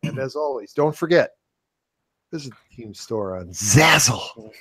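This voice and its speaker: A man's voice: medium pitch, expressive, measured pace, a bit bright. A man co-hosting a sports podcast, trading dry, teasing banter and reading out the show's plugs. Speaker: podcast co-host. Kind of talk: casual sports chat and show plugs.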